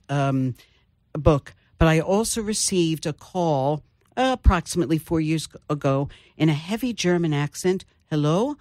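A woman's voice: low voice, a little mellow, no room sound. Older woman, author guest, storytelling, dry close sound. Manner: storytelling, thoughtful with pauses. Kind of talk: interview conversation.

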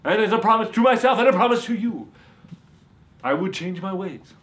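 A man plays a campy vampire, a self-described reformed beach boy, in a comedy sketch, hamming it up boastfully with theatrical delivery and sudden shouts. His voice is high, expressive, and fairly quick.

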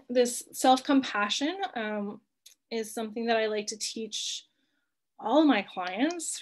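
A woman in her thirties leads a live online class, her voice sitting a little high for a woman. She talks in a chatty, reassuring way, with frequent ums and light laughs as she checks in with her listeners. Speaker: coach teaching emotional wellbeing.

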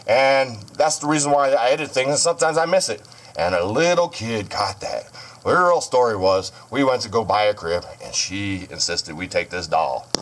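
A man talks to a camera set up in a room of his home, swearing constantly and answering his critics head-on. His voice sits at an ordinary middle pitch, and his delivery is loose, combative and informal. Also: very animated, moderate pace, a little hiss or hum. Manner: profane, combative, addresses commenters directly. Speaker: channel host showing haunted dolls. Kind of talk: casual vlog monologue. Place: home room with dolls and crib. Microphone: camera on a stand.

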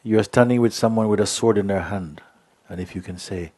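A man giving a spiritual talk, telling a story in an unhurried way with many hesitations. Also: fairly low pitch, darkish tone, breathy edge. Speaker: spiritual teacher.

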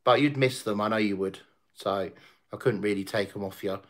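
A man's voice: fairly low pitch, fairly quick, a bit bright. A man hosting a casual livestream, chatting to viewers, reading out their comments and laughing often. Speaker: livestream host. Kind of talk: casual chat to stream viewers.

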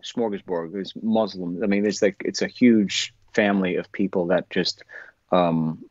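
A man, an actor guest in an interview, answering in a thoughtful, earnest way and often pausing to search for words. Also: low voice, fairly even intonation, darkish tone, dry recording. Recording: dull lo-fi sound.

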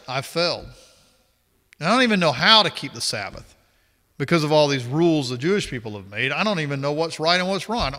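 Bright-voiced pastor in his fifties. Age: 50s. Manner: reads scripture aloud, then comments in a lower, confessional tone. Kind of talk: sermon with scripture reading. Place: church sanctuary. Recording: long hall reverb.

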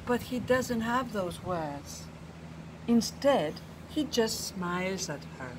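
A woman reading a picture book aloud to children, slow and expressive, dropping to a hushed, tender tone in the quiet passages. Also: on the high side, background noise. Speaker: storyteller. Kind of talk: children's story read-aloud.

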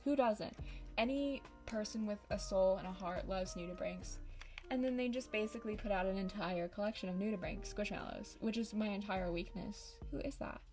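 A woman's voice: medium pitch, moderate pace, a little mellow, soft background music. A woman giving casual, dramatic and sarcastic commentary over a game, close on a desk microphone. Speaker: YouTuber.

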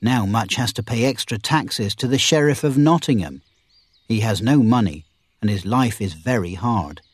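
A man's voice: lowish voice, expressive, normal speed, slightly rough, dry recording. A man voicing a grave, sympathetic male outlaw in a storybook reading. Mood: somber.

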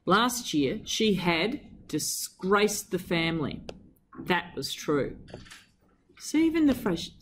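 A woman teacher reading from a novel and analysing it with enthusiasm, putting questions to her students. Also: a little hiss or hum. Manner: enthusiastic, with wide swings of pitch and emphasis. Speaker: English teacher. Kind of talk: reading aloud and literary analysis.

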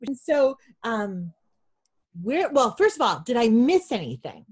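A middle-aged woman with a Southern US accent, hosting a casual interview with real enthusiasm. Her pitch rises and falls a lot as she talks. The sound is dry and close. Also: very animated, a little slow, slightly rough, no echo. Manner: enthusiastic, gushing. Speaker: host.

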